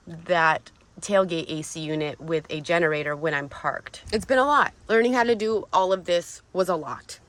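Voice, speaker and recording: A woman's voice: sits low, fairly bright tone. A woman talking casually to the camera as a vlogger who lives out of her vehicle, chatty and emotional, laughing and gasping often, speaking in and around her truck outdoors. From California. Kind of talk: casual vlog talk to camera.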